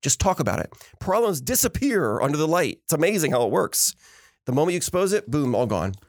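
Animated man telling stories, dry sound. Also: a little high, a little fast, no echo. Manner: animated storyteller acting out quotes. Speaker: podcast co-host. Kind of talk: casual chat.

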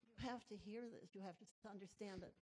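A woman sharing a heartfelt, joyful testimony with her church congregation, speaking in a halting, grateful way. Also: mid-range voice, a little mellow. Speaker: congregation member giving testimony. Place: church sanctuary.

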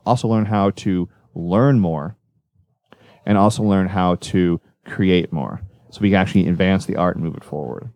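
Low-voiced man telling stories animatedly. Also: dry recording. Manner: rambling, self-correcting, animated storytelling. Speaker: magician guest. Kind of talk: casual podcast interview.

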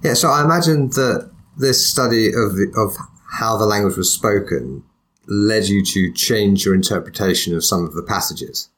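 A man with a low voice hosts a podcast conversation. He asks his questions plainly and backs his guest with short, friendly affirmations and an easy laugh. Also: moderate pace, fairly bright tone. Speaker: podcast host. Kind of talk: conversational interview.

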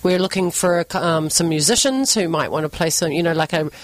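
A woman's voice: fairly low pitch, lively intonation, a little fast, no room sound, poor audio. A woman guesting on a radio show in a studio, chatty and enthusiastic, with frequent ums and restarts. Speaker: event organizer and actress, guest. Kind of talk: casual radio interview.

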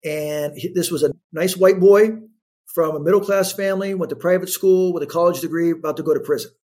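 A man in his fifties with a slightly raised, husky voice tells a personal story with energy. He jumps into the voices of the people in it as he goes, shifting his delivery for each quote. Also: fairly high pitch, fairly quick. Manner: animated storyteller acting out quotes. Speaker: guest. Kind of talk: storytelling in an interview.

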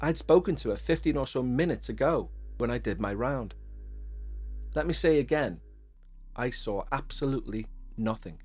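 A male podcast host who reads a listener's ghost story at a steady, even pace and then bursts into excitable, gushing reactions. His chat is casual and full of exclamations. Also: on the low side, normal speed, husky. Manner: excitable, gushing exclamations between calm reading.

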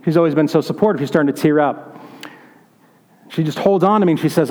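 A man's voice: fairly high pitch, fast, pauses often, a little mellow. A man pastor giving a conversational sermon, telling stories and asking the congregation questions. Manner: conversational, storytelling, asks questions. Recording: reverberant hall.

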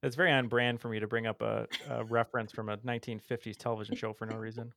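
A man's voice: medium pitch, flat delivery, quick pace, vocal fry, noisy background. A man playing as a trivia contestant on a podcast, making joking, self-deprecating asides. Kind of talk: casual podcast banter.

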